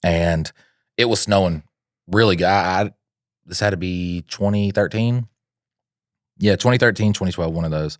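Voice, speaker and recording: A man's voice: sits low, normal speed, pauses often, no echo, studio quality. A man co-hosting a podcast, telling a story in a casual, self-mocking way, laughing and teasing. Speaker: podcast co-host.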